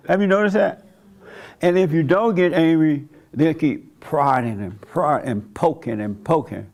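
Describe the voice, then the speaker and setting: A man's voice: on the high side, animated, measured pace, pauses often, a little mellow. A man preaching a sermon in a conversational way, chuckling often and acting out the voices of people he quotes. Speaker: pastor.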